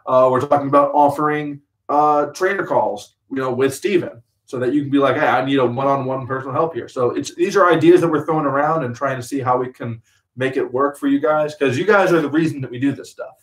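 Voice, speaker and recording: A man's voice: medium pitch, brisk, echoey room, distant mic, rough recording. A young adult man co-hosting a casual live-stream chat, joking and full of fillers. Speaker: co-host, website builder.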